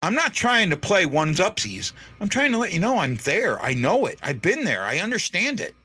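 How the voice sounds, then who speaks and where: Male host, bright and pressed voice, emotional and halting, on the edge of tears. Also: high-pitched, big pitch swings, husky. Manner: earnest, repeats himself, halting restarts. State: holding back tears. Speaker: podcast host. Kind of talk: emotional unscripted monologue.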